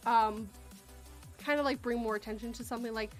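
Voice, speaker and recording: A woman's voice: a little high, steady tone, fairly quick, pauses often, soft background music. A woman hosting a casual chat, rambling and self-deprecating, often giggling. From Canada. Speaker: podcast host.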